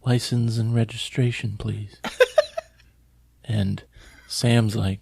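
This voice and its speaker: A man's voice: lowish voice, flat delivery, slow, gravelly, darkish tone, husky, no echo, clean studio sound. A man co-hosting a podcast who chimes in with short remarks. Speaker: podcast co-host. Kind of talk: casual chat.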